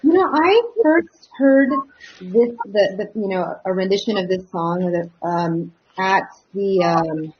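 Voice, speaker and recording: A woman's voice: medium pitch, takes it slowly. A woman, a singer and teacher, chatting in an interview with a thoughtful, hesitant manner full of fillers. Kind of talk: casual interview chat. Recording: dull lo-fi audio.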